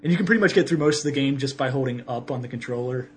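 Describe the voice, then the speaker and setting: A man's voice: medium pitch, racing, slight background noise. A man co-hosting a casual podcast, rambling through game reviews and correcting himself as he goes. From Ohio. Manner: rambling, self-correcting, laughs often. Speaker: podcast co-host.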